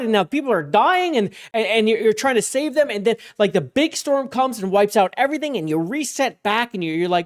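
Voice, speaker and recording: A woman's voice: fairly high pitch, animated, fairly quick, darkish tone. A woman hosting a comedic award show, rambling with sarcastic asides and bursts of mock panic.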